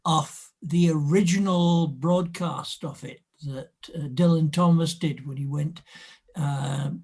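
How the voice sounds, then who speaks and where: Slow-talking man with a polished English accent. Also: a little high, fairly even intonation, darkish tone, breathy edge. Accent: RP English with Scottish roots. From Scotland. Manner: chatty, anecdotal, slows for quoted lines. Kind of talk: casual chat on a video call.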